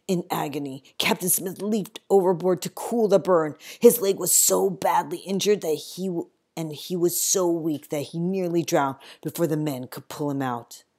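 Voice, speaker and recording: A woman reading a first-person storybook in a measured voice that sinks quietly at grim moments. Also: rumbling low. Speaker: audiobook reader.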